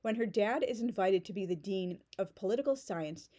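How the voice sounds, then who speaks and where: A woman's voice: mid-range voice, expressive, moderate pace, warm tone. A woman giving a casual spoken book review in a sarcastic, mocking tone.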